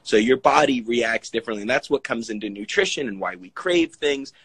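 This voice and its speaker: A man's voice: medium pitch, brisk, slightly rough, dry recording, poor audio. A man, a fitness coach, talking casually in an interview, rambling and acting out what other people said. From Italian heritage. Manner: rambling, animated storytelling with acted-out quotes. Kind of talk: conversational interview.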